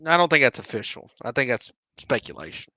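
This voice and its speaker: Male podcast co-host, lively and bright, halting as he starts each thought. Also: medium pitch, dry recording. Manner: halting, repeats words as he starts his thoughts. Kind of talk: casual sports podcast chat.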